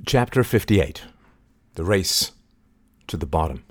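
Man reading a novel aloud, low and measured. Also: animated, no echo. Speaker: audiobook narrator. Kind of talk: scripted narration.

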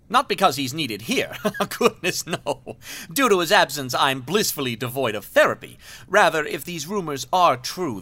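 A man's voice: medium pitch, sharp tone. An actor playing a pompous, self-serving male villain who talks in florid, mannered speech and laughs theatrically in an audio drama. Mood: scheming.

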